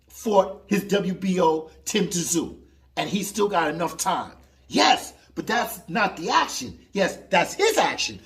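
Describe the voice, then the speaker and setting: A man in a heated vlog rant about the fight game. His pitch swings widely as he talks, rising and dropping for emphasis. He keeps arguing back at an imagined listener. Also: gravelly, sharp tone. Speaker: boxing commentator. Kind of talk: opinionated commentary.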